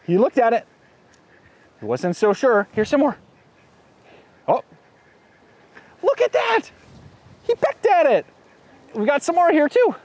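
A man hosting a children's show outdoors at a farm pen, excitable, gasping and making sing-song animal sounds as he talks to young kids. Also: extremely high pitch.

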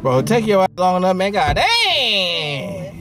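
A young man co-hosting a prank vlog, talking loudly, cursing and complaining. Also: high-pitched, wildly swooping pitch, slow pace. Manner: loud, profane, complaining. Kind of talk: casual prank reactions. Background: loud background music.

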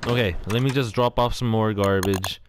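A man's voice: fairly low pitch, steady tone, normal speed, noisy background. A man casually commentating on his own gameplay, rambling and exclaiming often, a little out of breath. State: slightly out of breath. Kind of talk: casual let's-play commentary.

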